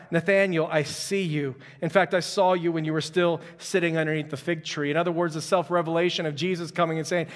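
A man's voice: high-pitched, fairly bright tone, in a large hall. A man preaching a conversational sermon as pastor, reading scripture and adding joking asides. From Houston, Texas.

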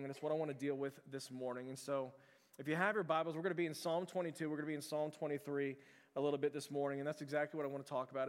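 A pastor preaching a sermon to his church in a conversational, earnest way, with frequent fillers and restarts. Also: fairly high pitch. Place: church sanctuary. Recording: long hall reverb.

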